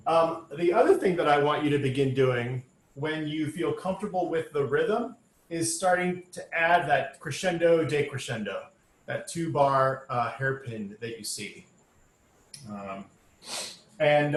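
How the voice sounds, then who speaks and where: A choir director runs a sectional rehearsal, patiently walking singers through the music step by step with plenty of ums and uhs. His voice sits on the high side and moves a little slowly. The online rehearsal recording catches an echoey room with instrumental music and slight background noise.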